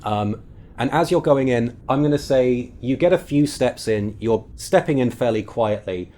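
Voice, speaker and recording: A man's voice: medium pitch, lively intonation, moderate pace, mellow. A man running a tabletop game as game master, describing scenes at length with frequent fillers.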